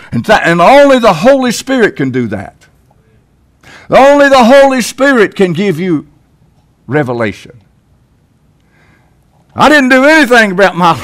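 An older Tennessee pastor with a Southern American accent preaches in a church sanctuary, folksy and emphatic, his voice swelling suddenly. It sits high and sounds a bit bright.

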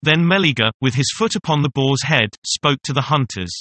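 A man narrating an old Greek legend in a steady storybook reading, speaking the quoted lines in his own voice. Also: medium pitch, brisk, few pauses, dry recording. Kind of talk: scripted narration of a classic tale.

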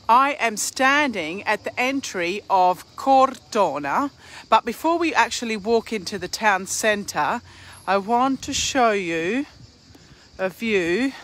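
A woman's voice: medium pitch, fairly bright tone. A woman from Australia with an Australian accent, a tour operator giving a live walking tour outdoors, chatting and greeting viewers by name as she walks with a handheld phone. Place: outdoors in a hill town square.

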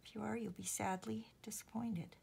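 A mid-range, steady, gravelly voice with a darkish tone belongs to a Canadian woman hosting a crafting vlog. At normal speed she chats casually and pokes fun at herself for viewers while making cards, sometimes murmuring to herself, over slight background noise.

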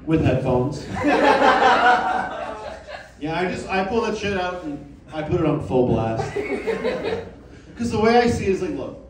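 A man's voice: on the high side, sing-song. A young man performing a stand-up set in a small club, self-mocking and bantering with the crowd. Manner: playful, self-mocking, quick asides to the crowd. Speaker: stand-up comedian. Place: small comedy club with a live audience. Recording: roomy club sound, mic heard from a distance, audience noise.

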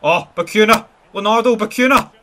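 A man with a Scottish accent giving live, foul-mouthed gameplay commentary, swinging between excited yelling and glum muttering. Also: high voice, a little fast. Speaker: gaming channel host.

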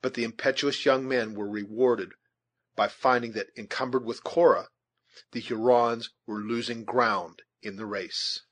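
A man reads a novel aloud, narrating from a script in a steady, measured way. His voice sits in the mid range, and he is working as an audiobook reader.

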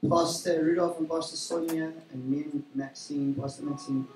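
A man, a pastor leading a church service, talking in a warm, rambling way with many fillers and self-corrections. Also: fairly high pitch, fairly even intonation, normal speed. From South Africa. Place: church hall during a service. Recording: roomy church hall from a distance, faint music.

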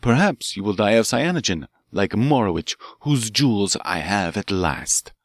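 A man reading an audiobook, voicing an excitable, vengeful French professor with a French accent who shouts menacingly. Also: on the low side, moderate pace, no room sound, studio quality.

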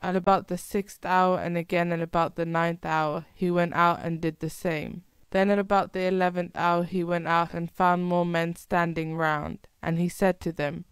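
Smooth, steady woman reading scripture. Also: fairly low pitch, no echo. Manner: measured, steady recitation. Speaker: scripture reader. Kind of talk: liturgical Bible reading.

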